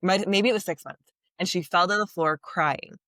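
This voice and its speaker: A woman's voice: on the low side, moderate pace, fairly bright tone, dry recording, clean studio sound. A woman hosting a podcast, talking in an earnest, reflective and rambling way with lots of fillers. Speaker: podcast host. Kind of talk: casual conversation.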